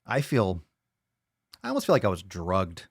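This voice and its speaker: A man's voice: low voice, wildly swooping pitch, moderate pace, breathy edge, no room sound, studio quality. A man hosting a live fitness podcast stream, chatting loosely with viewers, joking, swearing and rambling. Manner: loud, joking, profane, rambling. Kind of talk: casual live-stream chat.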